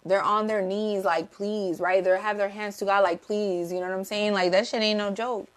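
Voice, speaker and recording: A woman's voice: medium pitch, fairly even intonation, a little fast. A woman giving a casual tarot reading, blunt and profane, repeating herself for emphasis and greeting viewers in the chat. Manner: talks to live chat viewers. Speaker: tarot reader.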